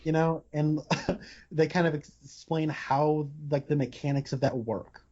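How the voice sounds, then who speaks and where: A man's voice: a little high, steady tone, a little slow, warm tone. A man hosting a podcast, talking about films in a rambling, casual way with many fillers and restarts. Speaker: podcast host. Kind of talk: casual film discussion. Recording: dull lo-fi podcast audio.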